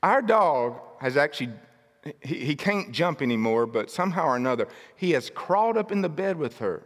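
A man preaching a sermon in a casual, jokey storytelling way, breaking into shouted outbursts. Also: on the high side, long reverb tail. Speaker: pastor.

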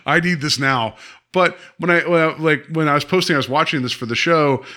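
A man co-hosting a podcast, talking about movies in an animated way, laughing often and breaking off mid-sentence. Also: fairly high pitch, quick pace. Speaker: podcast co-host. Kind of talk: casual movie chat.

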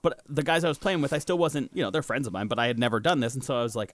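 A man's voice: mid-range voice, rapid-fire, no echo. Laid-back young man telling a story. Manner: loose storytelling, swearing freely, laughing often. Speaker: podcast host. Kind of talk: casual podcast chat.

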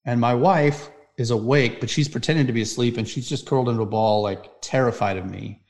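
A man's voice: mid-range voice, fairly quick. Intense man telling a personal story. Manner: intense, vivid, swings from loud to hushed. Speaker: podcast guest.

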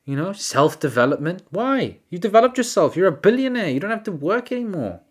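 A man's voice: sits high, big pitch swings, a little fast, breathy edge. A man hosting a solo podcast, rambling through incredulous rants with self-deprecating asides. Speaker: podcast host.

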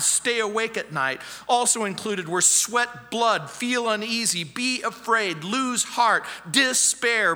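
A man's voice: high voice, sharp tone, long reverb tail. A man preaching a sermon as pastor, emphatic and fond of repeating key phrases. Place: church.

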